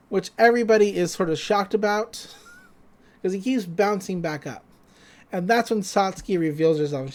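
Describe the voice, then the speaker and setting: Chatty podcast co-host retelling a story. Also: medium pitch. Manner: animated retelling, acting out quoted lines; loose, with frequent "like" and restarts. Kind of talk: casual chat recapping an episode.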